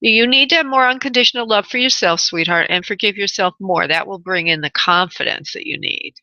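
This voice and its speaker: A woman's voice: mid-range voice, brisk, sharp tone, no echo, lo-fi sound. A woman hosting a call-in radio show as a spirit medium, chatty and affectionate, laughing often.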